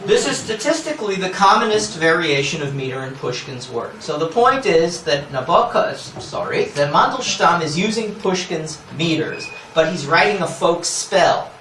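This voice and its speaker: A man's voice: fairly high pitch, big pitch swings, moderate pace, few pauses, a bit bright, a little hiss or hum. A man giving an academic lecture, explaining scholarly points with asides and frequent "yeah?" checks to the audience. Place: lecture hall. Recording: echoey lecture hall, mic at a distance.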